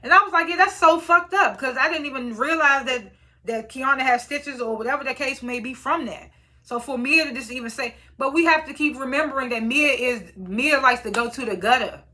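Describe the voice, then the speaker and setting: This recap of a reality show comes from a young woman whose high voice moves fairly quickly. She's lively, crude and blunt, and she mimics cast members' quotes.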